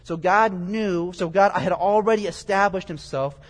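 Guy teaching bible stuff, kinda high voice, long echo like a big hall. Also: normal speed. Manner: explains scripture verse by verse in plain everyday words. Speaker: preacher. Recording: long reverb, echoey hall.

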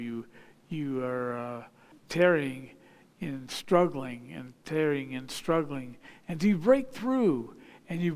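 A man with a slightly high voice preaches as a pastor, reading scripture before explaining it. He talks in halting stretches full of fillers. His voice rings out with a long reverb, as in a large hall.

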